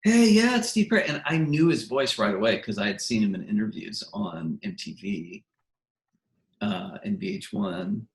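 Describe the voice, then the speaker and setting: A man's voice: fairly low pitch, normal speed, gravelly. Man telling stories in an echoey room. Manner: animated, acts out quotes, frequent restarts. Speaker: guest musician. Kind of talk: casual interview storytelling.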